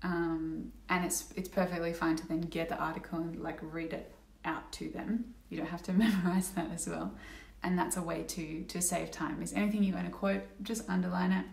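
A woman's voice: lowish voice, fairly even intonation, moderate pace, creaky, hardly any pauses, recorded from a distance. A young woman vlogging casually to camera, rambling a little with fillers and restarts as she talks through an experience. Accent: Australian. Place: indoor room at home. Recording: echoey room, slightly off-mic.

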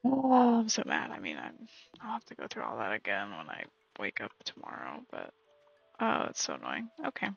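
Her voice is very deep and creaky with a sharp tone, swinging hugely in pitch as she talks fairly quickly. She's streaming a game, chatting loosely, muttering and occasionally whispering, over faint game music on slightly muffled lo-fi audio.

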